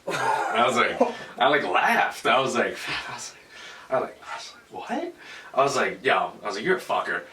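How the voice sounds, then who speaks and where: A man's voice: mid-range voice, very animated, normal speed, pushed and bright, far from the mic, slight background noise. A man hosting a casual podcast, telling a story with lots of swearing. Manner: profane storytelling. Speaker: podcast host. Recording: echoey room, off-mic.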